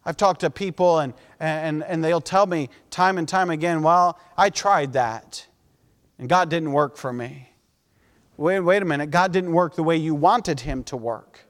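Male pastor, sermon, high-pitched voice, fervent and pleading, long echo of a church hall. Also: measured pace. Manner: fervent preaching with pleading, dropping to soft intense tones.

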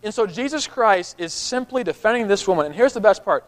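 Man, high voice, pastor, conversational sermon, repeats words. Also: lively intonation, brisk, hardly any pauses, poor audio.

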